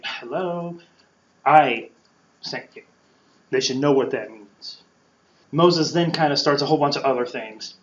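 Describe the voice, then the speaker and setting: A man at a middle pitch gives a relaxed Bible talk and slips into playful voices for the people in the story. The sound is roomy and a bit dull, like a lo-fi room recording. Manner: conversational, acts out quotes playfully. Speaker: podcast host teaching scripture. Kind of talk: casual Bible teaching.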